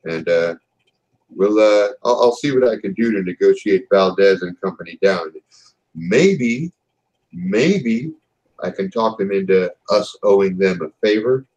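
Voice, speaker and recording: A man voicing a stern but wry male company boss who talks in a measured, businesslike way, pausing on fillers. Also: low voice, expressive, darkish tone, low-quality recording.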